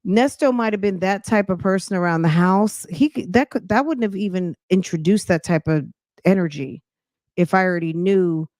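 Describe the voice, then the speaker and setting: A woman's voice: fairly low pitch, moderate pace, a little mellow, no room sound. Lady podcast host, chatty, a bit winded, dry close sound. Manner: chatty, talks straight to viewers with slang. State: slightly out of breath. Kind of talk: casual commentary chat.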